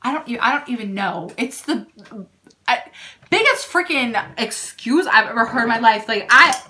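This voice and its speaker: Bright-voiced indignant young woman vlogger. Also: a little high, normal speed, a little hiss or hum. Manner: animated and indignant, heavy use of "like". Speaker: vlogger telling a story. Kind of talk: storytime vlog, casual retelling.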